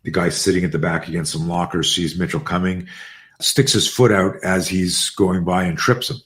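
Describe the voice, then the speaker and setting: Animated storytelling man in his sixties, low voice. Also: normal speed. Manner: animated storyteller, acts out quoted dialogue, swears freely. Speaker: podcast guest, self-defense instructor. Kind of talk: storytelling in a podcast interview. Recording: roomy echo.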